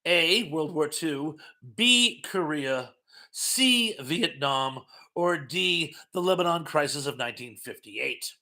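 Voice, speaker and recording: A middle-aged man with a bright, forceful voice pitched a little high hosts a relaxed live-stream trivia session. He reads questions and viewer comments in a chatty, self-mocking way. He laughs easily and trips over his own sentences. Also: takes it slowly.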